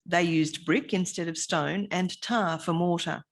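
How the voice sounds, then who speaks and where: Woman reading scripture aloud, lowish voice. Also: fairly even intonation, measured pace. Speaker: scripture reader.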